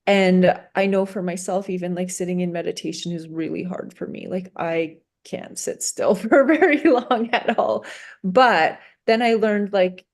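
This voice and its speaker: A woman's voice: fairly low pitch, unhurried, a little mellow. A woman teacher talking casually and chattily, laughing often and saying "like" a lot. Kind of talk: casual conversation.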